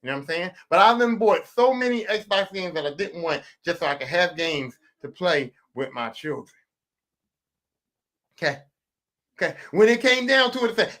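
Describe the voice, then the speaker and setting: A man in his forties hosting a podcast, telling a profane, animated comic rant that swings from loud bursts to low mutters. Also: moderate pace. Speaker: podcast host. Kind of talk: casual comedic rant.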